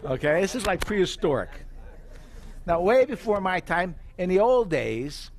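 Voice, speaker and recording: A man's voice: high voice, moderate pace. A middle-aged man giving a live sales presentation as company president, telling stories and asking the audience questions. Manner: animated storyteller, asks the audience questions.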